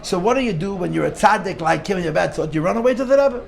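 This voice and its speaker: A man teaching an informal Torah class as a rabbi, an animated storyteller who restarts phrases often and sprinkles in Yiddish and Hebrew terms. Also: high-pitched, racing, gravelly.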